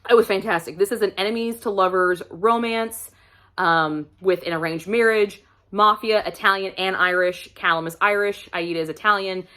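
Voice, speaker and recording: A woman's voice: mid-range voice, fairly bright tone. A woman reviewing books in a casual vlog, chatty and gushing, laughing often as she talks. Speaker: book reviewer.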